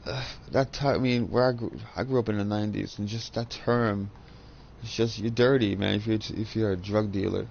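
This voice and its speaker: A man's voice: fairly low pitch, fairly even intonation, moderate pace, vocal fry, darkish tone. Gamer guy in his thirties, swears constantly and rambles through stories, headset mic, slightly dull sound with faint background hum. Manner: profane, rambling storyteller. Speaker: gaming channel host. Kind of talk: casual chat while gaming.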